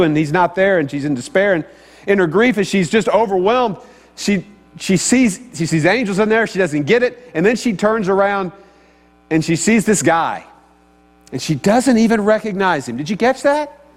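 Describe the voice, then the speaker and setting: A man preaching a sermon in a conversational way, often asking his listeners questions. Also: sits high. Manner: conversational, asks the audience questions. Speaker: pastor. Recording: long hall reverb, faint mains hum.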